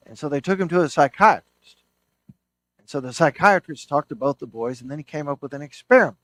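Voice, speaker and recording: A man's voice: fairly high pitch, lively intonation, moderate pace, fairly bright tone, no room sound. A man, a historian and author, giving a book talk as an enthusiastic storyteller, often restarting his sentences. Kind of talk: lecture with anecdotes.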